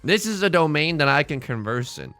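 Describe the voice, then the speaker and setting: A young man giving casual, joking commentary over his own gameplay, slipping in quick impressions. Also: a little high, sing-song, bright, forceful tone, soft background music. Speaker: let's play streamer. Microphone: headset mic.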